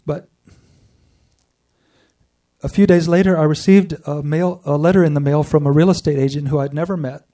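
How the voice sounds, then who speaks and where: Guy telling his story to a room, kinda high mellow voice, picked up from a ways off. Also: fairly even intonation, far from the mic. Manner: earnest storytelling with pauses and restarts. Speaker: speaker sharing a personal spiritual story. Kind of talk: personal testimony to a group.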